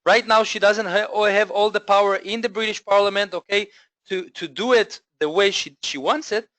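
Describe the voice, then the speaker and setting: A man presenting a live online trading lesson, energetic and full of fillers and self-corrections, often checking in with listeners. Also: high-pitched, normal speed, no echo.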